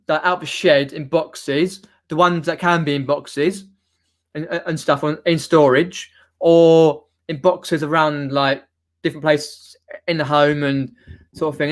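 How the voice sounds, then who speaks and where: A young man from near London with a Mockney accent, chatting casually on a live stream, reading viewer comments and rambling with many restarts. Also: on the high side. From southern England, near London. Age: young adult.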